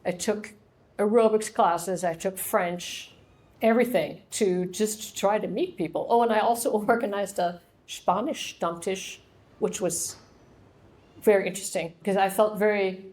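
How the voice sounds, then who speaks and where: A woman's voice: mid-range voice, a little mellow. A middle-aged woman from Ohio, chatting as an author at her book launch and answering questions with laughs and little acted-out dialogues. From Ohio, USA. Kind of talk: casual Q&A talk.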